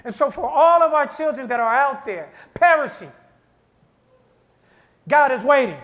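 Brief: male minister, sermon, very high and forceful voice, shouting refrains. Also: lively intonation, a little slow. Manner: fervent preaching with shouted repeated refrains.

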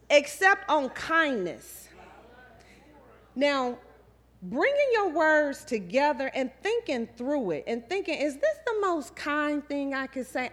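A woman's voice: a little high, a bit bright. A woman giving a sermon, preaching conversationally with storytelling and quoted asides. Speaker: guest speaker.

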